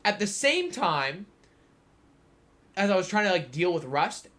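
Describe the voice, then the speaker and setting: A man's voice: high voice, sing-song, a little slow, fairly bright tone. A young man co-hosting a podcast, telling a long anecdote in a rambling, casual way full of fillers. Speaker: podcast co-host. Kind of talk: casual storytelling chat.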